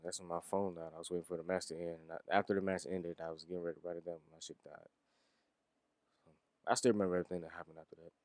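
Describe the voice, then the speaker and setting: A man with a somewhat low voice talks loosely through a wrestling review. He rambles, swears, and chuckles now and then. The recording is close and dry, with no room sound. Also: flat delivery, racing, no echo. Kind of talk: casual solo review.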